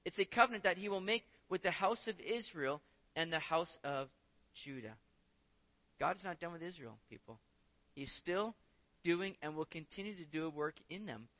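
A man's voice: on the high side, expressive, normal speed, sharp tone. A man preaching a sermon, reading scripture aloud and asking the congregation rhetorical questions. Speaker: pastor.

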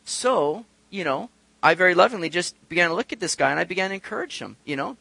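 Bright-voiced man preaching conversationally. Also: high voice, fairly quick, vocal fry, no echo. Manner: conversational, animated, asks rhetorical questions. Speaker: pastor. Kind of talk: sermon with personal storytelling.

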